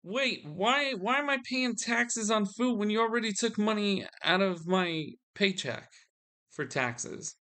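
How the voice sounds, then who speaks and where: A man's voice: high-pitched, expressive, measured pace, bright, forceful tone, smooth. A man venting to his audience in a solo video, weary and frustrated, often restarting his sentences. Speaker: vlogger.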